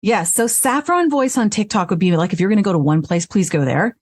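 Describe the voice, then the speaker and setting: A voice actress is an interview guest, speaking frankly and with animation and swearing freely in a casual chat. She records from her home studio, and her mid-range voice is expressive and brisk.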